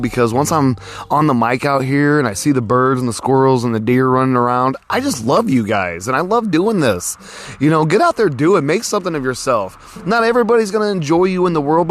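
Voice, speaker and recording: A man hosting a podcast, musing in a casual, rambling way with lots of fillers, recorded outdoors. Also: mid-range voice. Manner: rambling, folksy, many fillers like "you know". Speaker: podcast host. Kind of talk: casual philosophical monologue. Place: outdoors with cars passing.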